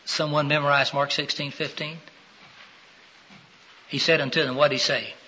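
Raspy bright-voiced male preacher, lo-fi. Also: on the high side, flat delivery, normal speed. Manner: calls out questions to the congregation, rising to loud emphatic peaks. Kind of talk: sermon. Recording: dull lo-fi sound.

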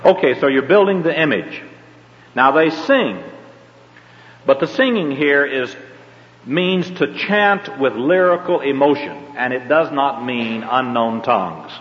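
A man's voice: medium pitch, expressive, unhurried. An older man with a Southern accent teaching a Bible class, rambling and folksy, with frequent hesitations. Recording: dull lo-fi tape in a reverberant hall.

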